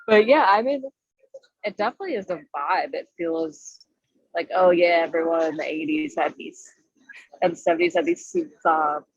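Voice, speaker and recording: A woman's voice: sits low, moderate pace, slightly rough, no echo. A woman with a Long Island accent, a drummer chatting casually as a guest on a video call, often laughing as she talks. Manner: laughs while talking, easygoing. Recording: dry, dull video call audio.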